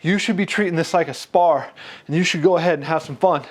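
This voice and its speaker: A man demonstrating a punching bag while training, energetic, calling out strikes, a little out of breath. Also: fast talker. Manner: energetic, punctuates moves with 'boom' and 'pop'. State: slightly out of breath. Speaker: fitness instructor. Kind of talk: product demo while training.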